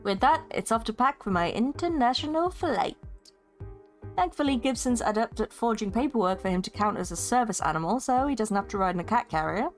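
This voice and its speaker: A playful woman narrates a story game live on stream, joking and laughing often. Her voice sits fairly high. Faint music plays quietly behind her. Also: lively intonation, fairly quick.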